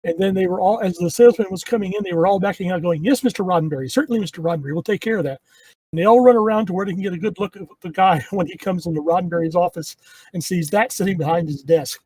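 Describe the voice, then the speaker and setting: A man's voice: high-pitched, quick pace, warm tone, husky, no echo. A man co-hosting a podcast, chatting casually and telling anecdotes. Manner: storytelling, anecdotal. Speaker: podcast co-host. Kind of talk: casual commentary with trivia anecdotes.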